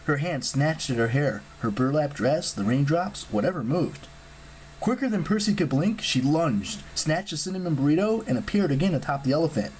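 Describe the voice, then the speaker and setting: Audiobook narrator, lively and animated, mid-pitched voice, fantasy storytelling. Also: normal speed, slight background noise, rough recording. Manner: expressive audiobook reading. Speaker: audiobook reader. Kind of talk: scripted narration.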